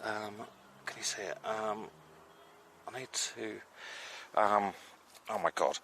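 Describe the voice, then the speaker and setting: A man chatting casually on a live stream from a beach, excitable and sometimes dropping to a hushed voice. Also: lowish voice, slow, pauses often, slight background noise. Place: outdoors on a beach at low tide.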